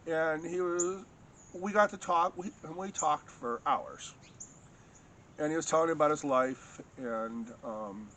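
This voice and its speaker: Man, rambling storyteller, halting delivery with restarts, faint background hiss. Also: fairly high pitch, a bit bright. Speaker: storyteller recounting a personal encounter. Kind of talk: casual spoken anecdote. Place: home in a rural farming area.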